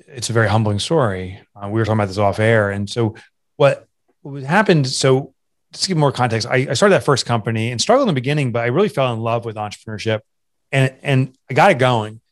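A man's voice: medium pitch, fast talker. Earnest man sharing a hard story. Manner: earnest, confessional, restarts often. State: emotional, voice catching. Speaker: guest, entrepreneur and author. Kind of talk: candid interview storytelling.

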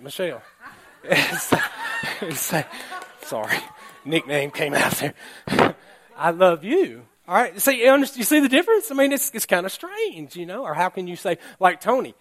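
A man pastor giving a relaxed, conversational sermon, laughing now and then and often checking in with the congregation. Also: sits high. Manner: chatty, laughing, keeps asking "all right?".

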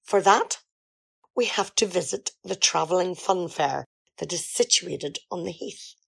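A woman's voice: fairly low pitch, lively intonation, a little slow, creaky, husky, full character voice. A woman in an amateur radio comedy sketch, playing a grand diva singer who talks in a theatrical, self-important way.

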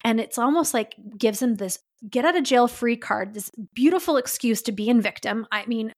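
A woman's voice: a little high, lively intonation, moderate pace. A woman hosting a podcast, telling a story in an earnest, heartfelt way. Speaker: podcast host. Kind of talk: solo podcast monologue.

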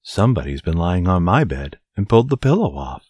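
A man reading as a calm mother bear. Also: deep voice, a little fast, dry recording. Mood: fussy.

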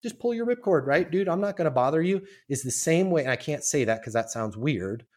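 A man with a somewhat raised pitch talks as a sales trainer on a podcast. He is emphatic and casual, throwing in mild swearing as he acts out sample sales calls. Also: expressive, brisk, a little mellow. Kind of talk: energetic podcast coaching.

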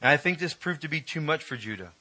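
A male preacher giving an emotional, emphatic sermon, reading scripture and rising in pitch when stirred. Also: animated, fast, pushed and bright, rough recording.

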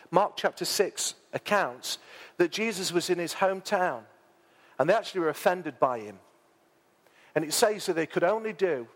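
A man preaching a sermon, chatty and informal, who rises to loud, dramatic peaks when he reads scripture aloud. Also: fairly high pitch. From England. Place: church hall. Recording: long church hall reverb.

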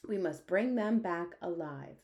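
Woman reader as storybook queen; measured, firm. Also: on the low side, lively intonation, a little mellow, dull audio. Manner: measured, commanding. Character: calm, firm elderly queen.

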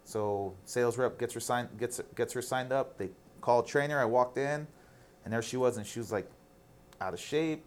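A man's voice: mid-range voice, moderate pace. Candid man telling stories on a podcast. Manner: candid, animated storyteller, swears casually. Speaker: guest. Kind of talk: casual storytelling interview.

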